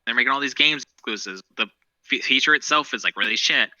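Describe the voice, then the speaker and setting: A man's voice: medium pitch, fast talker, bright, forceful tone, no echo, rough recording. A man co-hosting a podcast, chatting casually about current events in a rambling, profane, opinionated way. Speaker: podcast co-host.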